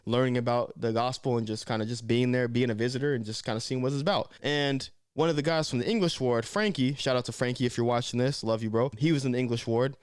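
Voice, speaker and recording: Young male vlogger, quick slangy storytelling, smooth clear voice, dry close sound. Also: mid-range voice, dry recording. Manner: slangy, animated, conversational. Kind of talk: casual storytelling.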